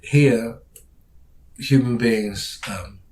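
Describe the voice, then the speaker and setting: A man from England with a British accent, co-hosting a podcast in casual chat, dry and self-deprecating, often trailing off quietly. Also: mid-range voice, very slow, low-quality recording. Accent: British English. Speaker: podcast co-host.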